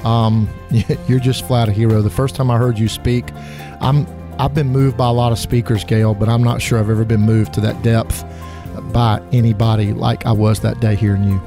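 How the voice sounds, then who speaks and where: A man's voice: medium pitch, little pitch movement, moderate pace, over music. A middle-aged man from South Carolina with a Southern accent, speaking as a guest author in a casual interview, folksy, earnest and self-deprecating. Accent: Southern American.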